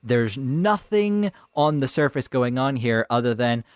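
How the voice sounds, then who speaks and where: Animated, lively-voiced male podcaster. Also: medium pitch, measured pace, clear, resonant tone, no room sound, clean studio sound. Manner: animated, playful, slips into mock voices. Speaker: podcast co-host. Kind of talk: casual anime review chat.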